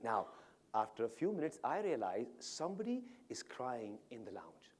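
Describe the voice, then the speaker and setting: A man's voice: mid-range voice, sing-song, normal speed, a little mellow, slightly rough. A man giving a motivational keynote on stage, telling a story dramatically and pulling the audience in with questions. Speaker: motivational speaker. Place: stage at an awards event.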